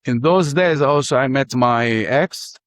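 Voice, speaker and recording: A man's voice: medium pitch, a little slow, no echo, studio quality. A man from the Palestinian territories, speaking English, tells his life story as an interview guest, often searching for words and restarting sentences. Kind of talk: personal storytelling.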